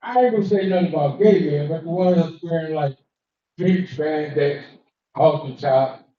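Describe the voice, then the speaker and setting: High-voiced male comic in a roomy lounge. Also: normal speed. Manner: storytelling, acting out quoted characters with sudden pitch jumps. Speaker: stand-up comedian. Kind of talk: live stand-up set with crowd work. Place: cigar lounge comedy stage. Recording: distant, roomy, dull live-stream audio.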